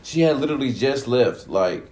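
A man's voice: medium pitch, moderate pace, crowd noise. A man who works in a restaurant, chatting casually with coworkers, swearing and acting out how he greets tables. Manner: animated, swearing, acts out table talk. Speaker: restaurant server. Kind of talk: casual chat.

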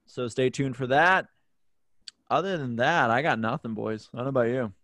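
A man in his twenties hosting a podcast from a home room, loud with mock outrage and swearing freely in casual banter. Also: mid-range voice, moderate pace, no echo. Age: 20s. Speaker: podcast host.

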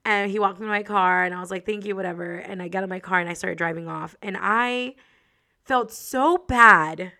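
Chatty woman host with a gravelly voice. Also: mid-range voice, quick pace, hardly any pauses. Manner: expressive, chatty, laughs often, many fillers. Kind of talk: casual personal storytelling.

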